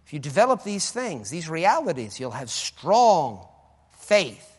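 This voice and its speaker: Fervent preacher man, high lively voice. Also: measured pace, husky. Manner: fervent, swings between shouting and soft asides. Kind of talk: sermon. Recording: echoey hall with long reverb.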